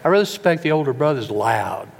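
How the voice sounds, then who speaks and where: A man's voice: medium pitch, sing-song, fast talker, gravelly, breathy edge. A man preaching a sermon, asking his listeners question after question and often stumbling over repeated words. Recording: long reverb in a hall, faint background.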